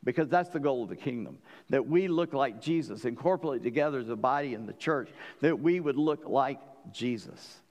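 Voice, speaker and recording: A male pastor delivers a sermon in a mid-pitched voice. He speaks earnestly, repeating words as he restarts, and pushes to emphatic peaks. His voice carries the long reverb of a church hall. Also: brisk, hardly any pauses, a little mellow.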